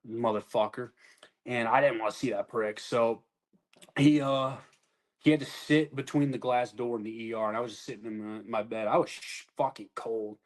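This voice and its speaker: A man's voice: mid-range voice, fairly even intonation, normal speed, low-quality recording. A man, an army veteran, telling his own story in a candid, casual way, blunt and full of swearing.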